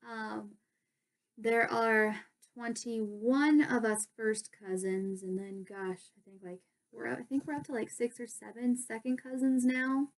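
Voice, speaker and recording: Young woman, pageant contestant, casual bedroom vlog; gushing, excitable, slightly high voice. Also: unhurried. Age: young adult. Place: her bedroom.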